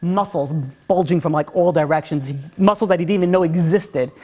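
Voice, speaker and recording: A man, a rabbi, telling a story in an animated, conversational way. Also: high-pitched, fairly quick. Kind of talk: storytelling talk.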